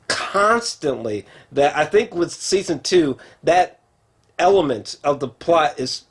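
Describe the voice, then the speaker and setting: A man's voice: a little high, slightly rough. A man reviewing a TV show in a casual, rambling way, full of fillers and swearing, talking to a camera at home. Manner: rambling, profane, lots of fillers; excitable, talks straight to camera. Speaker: film and TV reviewer.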